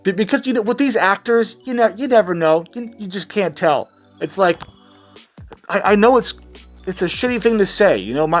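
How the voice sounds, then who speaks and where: A man giving sarcastic, mocking reaction commentary, rambling with restarts. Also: high-pitched. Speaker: commentary vlogger.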